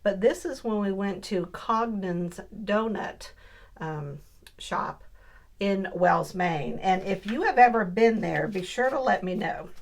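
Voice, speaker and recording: A woman's voice: mid-range voice, lively intonation, slow pace, vocal fry. A woman hosting a casual crafting tutorial, chatting upbeat with viewers as she works. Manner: chatty, upbeat, talks to viewers while working. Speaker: crafting video host.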